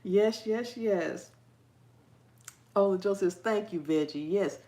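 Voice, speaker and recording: A woman's voice: mid-range voice, takes it slowly, long pauses, warm tone, reverberant. A woman hosting a casual live chat with her viewers, laughing often at herself and tripping over a word she repeats. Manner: trips over words and repeats them. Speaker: cooking channel host.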